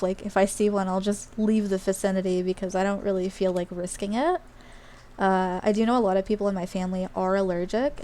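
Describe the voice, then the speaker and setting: A woman's voice: mid-range voice, darkish tone. Chatty woman streamer from Australia. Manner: rambling, chatty, with many fillers and asides. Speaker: game streamer. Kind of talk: casual live-stream chat while gaming.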